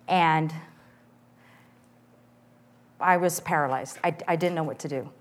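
Woman with a lowish voice telling her story. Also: measured pace, pauses often. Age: middle-aged. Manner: earnest, candid storytelling. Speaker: church member giving testimony. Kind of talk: personal testimony.

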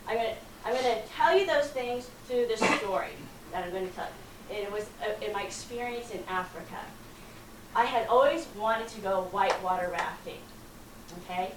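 A woman telling a personal story to an audience in a dramatic, lively way, acting out the people in it. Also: mid-range voice. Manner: dramatic, lively retelling with acted quotes. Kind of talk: animated storytelling talk. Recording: roomy, from far off, faint noise.

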